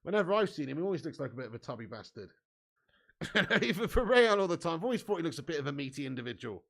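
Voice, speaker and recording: A high, gravelly man hosts a live football watch-along. His voice is bright and forceful. He commentates excitably, swears casually, and reads out viewer messages between the action. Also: fast talker. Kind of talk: live match commentary and chat reading.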